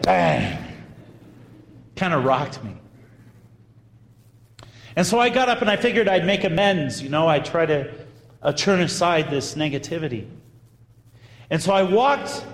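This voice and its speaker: A priest giving a storytelling sermon, his voice sitting a touch high for a man. He talks in a lively, chatty way and hits some words hard. The sound rings around a big room, with a long trailing echo. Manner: animated, conversational storytelling with bursts of emphasis. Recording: echoey hall with long reverb.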